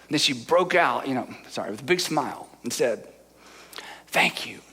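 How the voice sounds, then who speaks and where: With a mid-range, pushed, bright voice, lively intonation and a moderate pace, a middle-aged male pastor preaches from the heart. His sermon is full of earnest storytelling and repeated cries of "I'm telling you," and at times emotion chokes him up.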